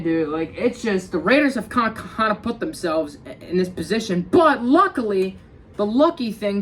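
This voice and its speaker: A man's voice: high-pitched, a little hiss or hum. A young man talking casually about football, rambling with many restarts and fillers like dude and bro, sounding tired. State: tired, yawning. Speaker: sports fan vlogger. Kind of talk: casual sports talk.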